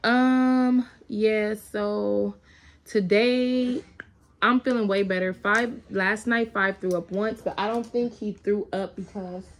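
A young woman and family vlogger records a home video diary, chatting casually in a medium-pitched voice that's slow and fairly even. Between updates she talks to her toddler now and then.

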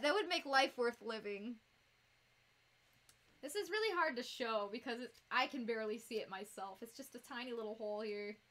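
A woman with a Northern US accent chatting casually on a live stream while she builds a fursuit, bubbly and quick to giggle as she talks to her viewers. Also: on the high side, sharp tone. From United States.

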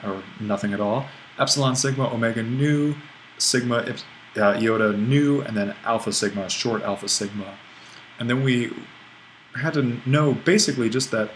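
A man's voice: fairly low pitch, a bit bright, a little hiss or hum, poor audio. A man teaching a recorded online language lesson, explaining at an easy pace with restarts and small self-corrections. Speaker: Greek language instructor.

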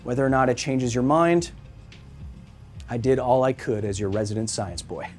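A man in his thirties, hoarse, hosting a scripted science explainer in a theatrical, wry manner that speaks straight to the viewer. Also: medium pitch, normal speed, darkish tone, soft background music. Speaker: science video host.

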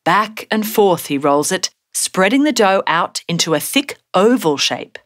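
A woman giving a gentle, scripted storybook narration for children. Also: mid-range voice, no room sound, clean studio sound. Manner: slow, expressive, gentle.

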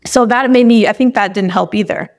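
A woman's voice: medium pitch, fairly quick. A young woman telling a personal story as a podcast guest, candid and emotional, with many "like"s. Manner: emotional, tearful at moments, lots of "like".

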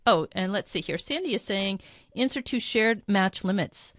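A woman's voice: medium pitch, expressive, normal speed, a bit bright, no echo. A woman moderating a live webinar question session, reading out viewer questions in a chatty, informal way and thinking aloud.

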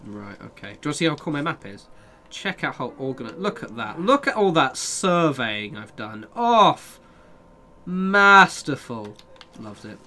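A man's voice: medium pitch, sing-song, normal speed, a bit bright, slight background noise. A young man live-streaming a game, chatting casually with viewers, reading their messages and swearing freely. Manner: chatty, sweary, reads and answers chat.

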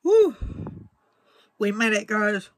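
A young man vlogging casually to camera, mouth burning from spicy food, talking slowly with breathy sighs between short remarks. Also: high-pitched, pushed and bright, dry recording, studio quality. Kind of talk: casual vlog talk to camera.

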